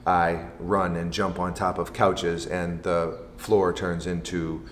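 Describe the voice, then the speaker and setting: A man voicing a mock nature-documentary narrator who speaks slowly and with mock seriousness. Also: deep voice, level tone, a little hiss or hum, voice pushed down. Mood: mock solemn. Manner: slow, deliberate, mock-serious. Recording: roomy echo with long reverb.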